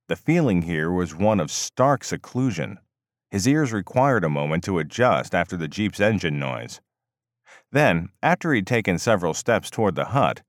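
A male narrator reading a novel aloud with steady, measured storytelling. His voice sits very low, and the recording is dry with no room sound. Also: no echo. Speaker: audiobook narrator. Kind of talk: scripted narration.

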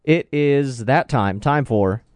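A man's voice: mid-range voice, slow, a little mellow, no room sound. A man hosting a radio talk show, reading odd news stories aloud with joking asides.

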